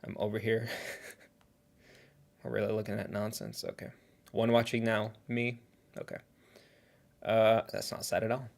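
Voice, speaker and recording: A man's voice: on the low side, flat delivery, unhurried, creaky, long pauses. A man hosting a casual livestream reaction who rambles in a chatty way and talks while eating.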